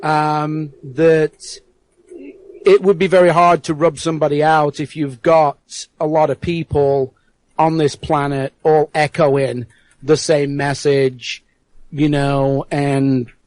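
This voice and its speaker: A man's voice: on the high side, a little mellow, no echo, low-quality recording. Earnest man, Yorkshire-American accent. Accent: Yorkshire mixed with American. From England. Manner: earnest, halting, many fillers. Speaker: guest. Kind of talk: casual interview.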